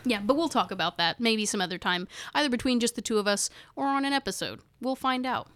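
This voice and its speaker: A woman's voice: on the high side, lively intonation, fast, a bit bright, dry recording. A woman co-hosting a casual podcast, chatting and reading from notes, rambling and stumbling over hard words while she laughs along. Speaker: podcast co-host.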